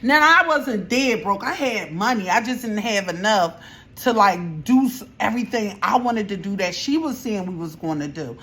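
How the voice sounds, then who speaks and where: A young woman vlogger chatting through a storytime while she does her makeup, animated and slangy. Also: mid-range voice, moderate pace.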